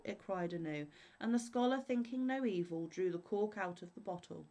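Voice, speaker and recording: A woman reading fairy tales aloud in a steady, measured way. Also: medium pitch, rough recording. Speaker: storyteller.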